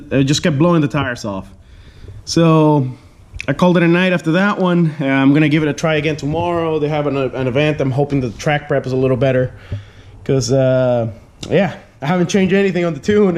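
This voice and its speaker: A man's voice: fairly high pitch, darkish tone. A man with a stuffy nose from a cold, talking through his car vlog in a laid-back, rambling way with frequent fillers. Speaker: car vlogger. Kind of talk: casual vlog narration.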